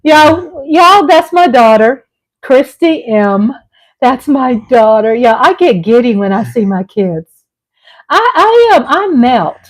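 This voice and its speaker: A middle-aged woman hosting her vlog at home, chatting casually with viewers; animated and gushing, laughing often and swinging from loud excitement to soft tenderness. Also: fairly high pitch, slow pace, poor audio. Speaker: vlog host. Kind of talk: casual live chat with viewers. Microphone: on a mic at home.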